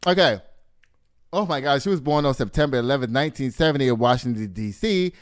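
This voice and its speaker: A man in his fifties hosting a gossip show in a casual, animated way, full of exclamations and asides to the audience. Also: mid-range voice, quick pace, clear, resonant tone. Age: 50s. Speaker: show host.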